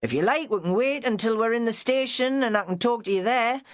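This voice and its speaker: A woman's voice: fairly high pitch, animated, a little fast, no room sound, studio quality, pitched above the performer's own voice, natural voice. A woman voicing a blunt, plain-spoken middle-aged female detective. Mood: matter-of-fact.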